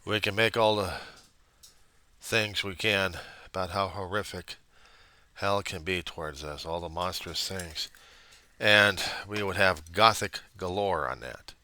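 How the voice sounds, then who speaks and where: A man with a very low voice and a forceful, pushing tone, talking straight to a reverend in his video diary. He rambles and runs himself down, drifting from near-murmured reflection into sudden raised bursts. The sound is dry and close, with no room around it. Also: measured pace, no room sound. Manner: rambling, self-deprecating, swings from quiet musing to loud outbursts. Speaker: video diarist addressing a reverend. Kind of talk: personal video diary monologue.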